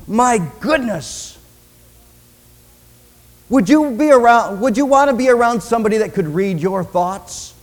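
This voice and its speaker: A man preacher delivering a sermon, dramatic, swinging from loud declaiming to hushed near-whispers. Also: very high-pitched, animated, measured pace, pauses often. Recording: long reverb in a large hall.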